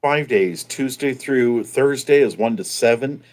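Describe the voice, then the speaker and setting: A man's voice: medium pitch, unhurried, darkish tone. A man being interviewed as a guest, describing his museum in an upbeat, promotional way. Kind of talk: interview answers.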